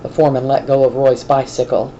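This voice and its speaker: A woman teacher reading a chapter aloud to her class, her voice low and steady. The pacing is measured, with a faint hiss underneath. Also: highs cut off. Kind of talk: classroom read-aloud of a novel.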